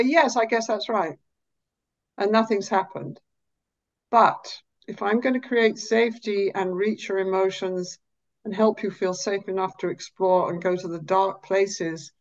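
A woman psychologist explaining her therapy in an interview, animated, sometimes dropping to a slow, soft, low voice to show how she talks to clients. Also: lo-fi sound. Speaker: psychologist and therapist, podcast guest.

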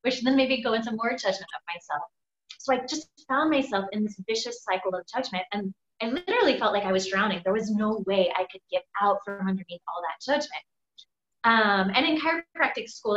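A woman's voice: mid-range voice, lively intonation, a little fast, fairly bright tone. A woman chiropractor giving a webinar talk, telling her own story in a candid, emphatic way and swearing freely, over a video call. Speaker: webinar guest speaker, chiropractor. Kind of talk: personal story told on a webinar. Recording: echoey, dull video-call audio.

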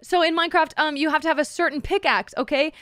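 A woman's voice: sits high, fairly even intonation, fast talker, a bit bright, no echo, clean studio sound. A woman streamer chatting casually with her live chat, playful and teasing, swearing freely. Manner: playful, crude, swears a lot, teases chat.

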